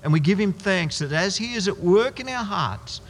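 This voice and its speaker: A man preaching a sermon as pastor, emphatic and slowing down hard on key words, in a church hall. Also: high voice, lively intonation, slight background noise.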